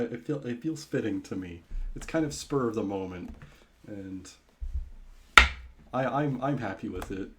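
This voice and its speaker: A man's voice: mid-range voice, a little mellow. A man streaming live, chatting casually with viewers while he plays, rambling and often breaking into laughter.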